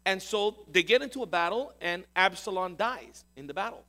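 A man's voice: high-pitched, lively intonation, normal speed, bright, forceful tone. A male pastor giving a sermon, retelling a scripture story in an emphatic storytelling way.

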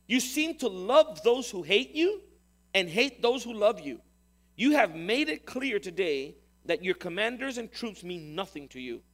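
A man's voice: sits high, pitched above the performer's own voice, heavily acted. A man voicing a stern, scolding army general. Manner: forceful, scolding. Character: stern angry male army general rebuking a king.

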